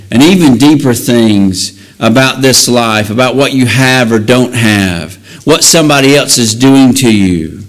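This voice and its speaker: A man's voice: mid-range voice, rough recording. A man preaching a sermon and reading scripture aloud, earnest, often building to emphatic raised passages.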